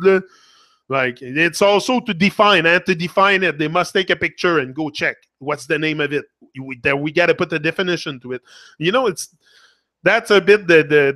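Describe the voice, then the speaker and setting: A man's voice: on the high side, pushed and bright, no room sound, clean studio sound. A man with a Quebec French accent in a casual, rambling live monologue as a motivational streamer. He swears freely and talks back to a viewer.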